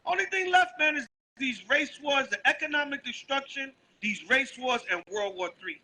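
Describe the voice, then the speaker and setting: A man's voice: extremely high pitch, normal speed, sharp tone, rough recording. A man with a Brooklyn, New York accent preaching on the street, calling out verses and asking "right?" again and again. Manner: emphatic, calls out verses, asks "right?" often. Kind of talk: street sermon with scripture reading.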